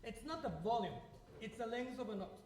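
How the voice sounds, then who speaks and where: A man's voice: extremely high pitch, animated, fairly quick. Man teaching piano in an echoey room. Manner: explains with questions to the class, demonstrating at the piano. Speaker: piano teacher leading a masterclass. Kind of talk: masterclass teaching. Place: echoey classroom. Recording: echoey room, distant mic. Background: piano playing.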